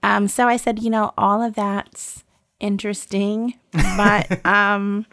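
A woman in her forties speaks slowly at medium pitch with a gravelly voice, captured in clean studio sound without echo. She shares a personal story conversationally, bringing the dialogue to life and laughing often.

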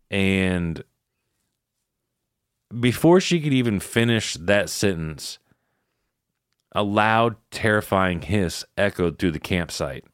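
A man's voice: deep voice, a little slow, clear, resonant tone, no echo, clean studio sound. A man hosting a podcast, retelling eerie camping stories in loose, casual, profane talk. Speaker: podcast host. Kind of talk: casual storytelling chat.

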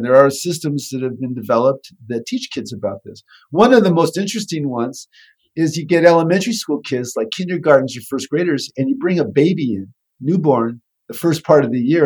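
Husky man explaining thoughtfully. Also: medium pitch, a little mellow. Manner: thoughtful, with frequent restarts. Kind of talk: conversational explanation.

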